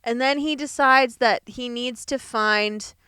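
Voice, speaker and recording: A young woman recaps a film for her podcast in relaxed, giggly chat, leaning on fillers as she goes. Her voice sits a bit high and comes through smooth and clear. The recording is close and dry. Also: takes it slowly, no echo. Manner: chatty, laughing often, many fillers. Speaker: podcast co-host. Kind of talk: casual movie recap chat.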